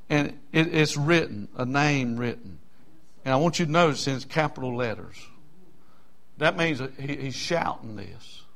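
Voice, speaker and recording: A man from South Carolina with a Southern accent, preaching a sermon in rhythmic bursts with call-and-response amens, swinging from loud shouts to quiet asides. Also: medium pitch, vocal fry. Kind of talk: fiery sermon.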